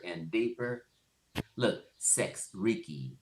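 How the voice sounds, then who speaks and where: Low-voiced guy ranting and cussing on a stream, bright edgy tone, laughs a lot, echoey room. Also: a little slow, long pauses. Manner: blunt, cursing, laughing often. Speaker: livestream commentator. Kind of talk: casual profane commentary.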